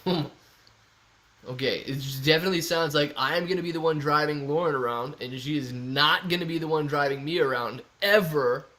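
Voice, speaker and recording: A man's voice: on the high side, a little fast, sharp tone. Jokey young man hosting a livestream. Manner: jokey, reads viewer comments aloud. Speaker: livestream host. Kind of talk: casual livestream chat.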